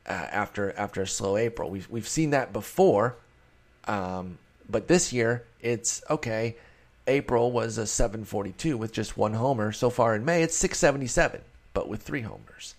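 A man's voice: lowish voice, normal speed. A man hosting a solo fantasy baseball show, talking casually and rambling in a self-deprecating way. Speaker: fantasy baseball podcast host.

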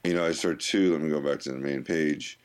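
A man co-hosting a casual comedy podcast, rambling and joking in a deadpan way. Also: rumbling low, fairly quick, clean tone. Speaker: podcast co-host.

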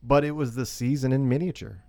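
A man's voice: mid-range voice, fairly even intonation, brisk, warm tone, no room sound. A middle-aged man co-hosting a podcast, talking casually with wry jokes. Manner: wry, joking. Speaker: podcast co-host. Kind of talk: casual chat.

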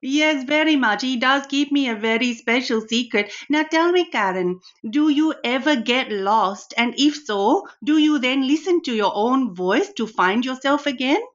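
A woman's voice: high voice, fairly even intonation, unhurried, few pauses, a bit bright, lo-fi sound, voice pushed up. A woman voicing a chatty, flirtatious woman character who gushes and calls everyone darling. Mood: gushing.

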